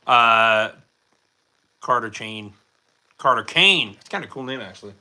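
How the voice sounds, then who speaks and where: Bright-voiced chatty male streamer. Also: mid-range voice, animated, a little slow. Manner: rambling and chatty with many fillers; self-deprecating and jokey. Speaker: livestream host. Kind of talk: casual livestream chat answering viewer comments.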